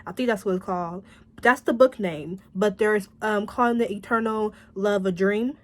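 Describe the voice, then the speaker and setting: Speaking at a normal speed in a mid-range voice, a woman rambles animatedly through a casual drama review, often breaking into laughter and curses.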